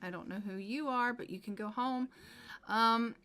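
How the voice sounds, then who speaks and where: A woman's voice: fairly high pitch, normal speed, sharp tone. A young adult woman giving casual let's-play commentary, chatty and playfully scolding the characters she controls, now and then dropping to a whisper. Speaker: gameplay video host.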